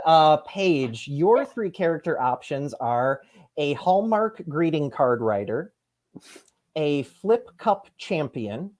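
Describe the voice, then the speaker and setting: A man's voice: on the high side, darkish tone. Upbeat man hosting an improv game. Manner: upbeat, announcer-like with fillers. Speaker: game show host.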